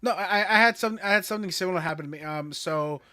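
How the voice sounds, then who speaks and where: A young man co-hosting a casual podcast, telling stories with lively, profane energy. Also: sits high, fast, dry recording. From Florida, USA. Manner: animated storyteller, swears freely. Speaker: co-host.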